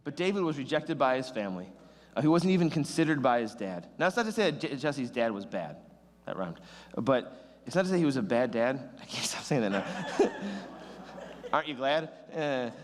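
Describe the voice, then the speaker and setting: Chatty young youth pastor in a big hall. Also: male voice, medium pitch, fairly quick, slight background noise. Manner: rambling, self-deprecating, animated. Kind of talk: youth sermon, casual and joking.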